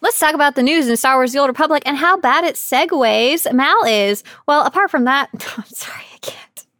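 Giggly woman podcast cohost, high lively voice, dry close mic. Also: a little fast, no echo. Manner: giggly, stumbles over words. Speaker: podcast co-host. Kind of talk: casual giggly chat.

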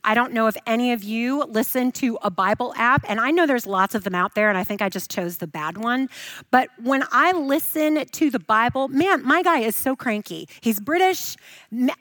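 A woman preaching a sermon, swinging from emphatic, raised lines to soft, hushed reassurance. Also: a little high, lively intonation, moderate pace, no room sound.

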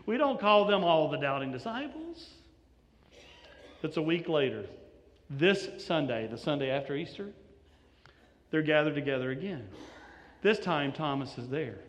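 A man preaching a sermon and acting out the quoted voices with dramatic swings between loud and soft. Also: long reverb tail. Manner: dramatic, acts out the quoted voices with big swings of pitch and loudness. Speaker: pastor.

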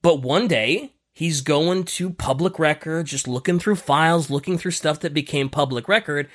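A man's voice: fairly high pitch, moderate pace, a bit bright. A man hosting a podcast, telling a story in casual chat with many fillers. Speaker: podcast host.

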